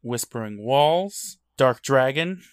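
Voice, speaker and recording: Deadpan man podcast co-host. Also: medium pitch, slow, smooth, no echo. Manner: dry, deadpan joking. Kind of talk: casual chat.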